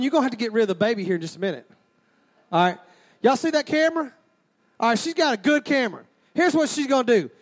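A man preaching a sermon, folksy and joking as he calls out to the crowd. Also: very high voice.

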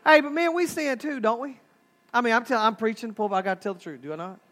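A Texan pastor preaching to his church, folksy and quick to tell comic stories. His voice is very high and bright for a man. It sounds sharp and forceful when he drives his points home. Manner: folksy, humorous, animated storytelling. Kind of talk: sermon.

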